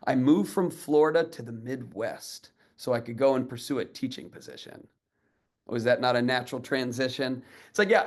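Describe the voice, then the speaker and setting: A man in his thirties, an educator giving a storytelling talk, acting out the voices of people in his story with energy. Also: fairly high pitch. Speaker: educator and speaker.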